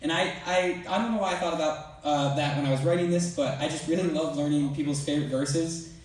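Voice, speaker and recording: A teenage boy gives a loose, filler-filled talk to his church youth group, retelling stories in a relaxed, chatty way. His voice sits a little high. It echoes strongly through a big hall, picked up from some distance away. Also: brisk. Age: teens. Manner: casual, rambling, filler-heavy. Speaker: student speaker at church youth service. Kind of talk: youth talk with playful retold dialogue.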